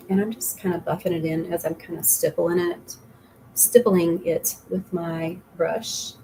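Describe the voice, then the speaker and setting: A woman's voice: lowish voice, steady tone, measured pace, mellow, a little hiss or hum, low-quality recording. A middle-aged woman giving a casual makeup tutorial as a makeup consultant, rambling and chatty with frequent laughs.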